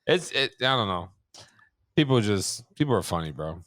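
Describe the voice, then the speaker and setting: A man's voice: on the low side, sing-song, normal speed, a bit bright, no echo, clean studio sound. A man co-hosting a podcast, a father telling funny everyday stories in a casual, profane way. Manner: storytelling, profane, laughing easily. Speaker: podcast co-host. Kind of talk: casual chat.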